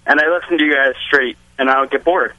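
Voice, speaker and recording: Drunk young caller, bright piercing tone, swears and giggles, rambling. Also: male voice, medium pitch, fairly even intonation, fast, no room sound, low-quality recording. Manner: swears constantly, laughs a lot, slurred rambling. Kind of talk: call-in chat.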